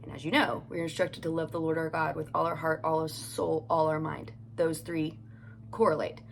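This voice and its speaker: Woman, devotional host, chatty storyteller, lowish voice, faint hiss behind. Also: level tone, moderate pace, creaky. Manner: chatty, storytelling, reads scripture aloud. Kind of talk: casual devotional Bible teaching. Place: home closet.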